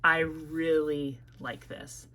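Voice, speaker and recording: For a casual product review vlog, a Midwestern woman with a strikingly deep voice talks about a perfume in a rambling, chatty way, full of ums and likes. She corrects herself and restarts mid-sentence, so it sounds unscripted. Her American Midwest tone is level, pushed and bright.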